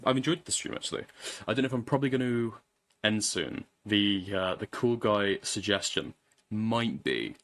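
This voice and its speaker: A man's voice: on the low side, a bit bright. A man casually commenting on a live stream, swearing and rambling as he repeats himself.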